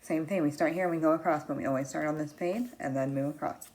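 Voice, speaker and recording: A woman teaching young children, reading a picture book aloud in an animated, expressive way, gasping and asking them questions. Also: sits low. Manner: animated and expressive, with frequent gasps and drawn-out words.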